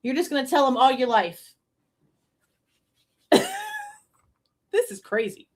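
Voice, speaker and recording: A woman's voice: high-pitched, animated, slow. A woman streaming true-crime reaction commentary, incredulous and laughing, cursing freely.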